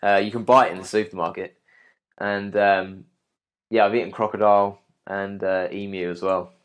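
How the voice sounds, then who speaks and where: A young man talks in a loose, easygoing way, often pausing on ums and restarting his sentences. His voice sits a little low. He sounds like a guest answering questions on a chat show. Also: clear, resonant tone. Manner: relaxed, many ums and restarts. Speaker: guest, arborist. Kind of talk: casual interview answers.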